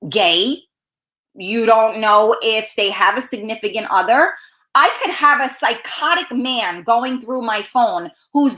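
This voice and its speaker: A high-pitched woman talk-show host rants in a blunt, profanity-laced monologue. Her bright voice swings widely in pitch. The recording has a roomy echo.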